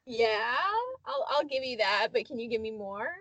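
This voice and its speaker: A woman's voice: a little high, moderate pace, a bit bright. A woman co-hosting a podcast, chatting casually with lots of fillers and quizzing her co-host. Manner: chatty, filler-heavy, runs quiz questions. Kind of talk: casual chat.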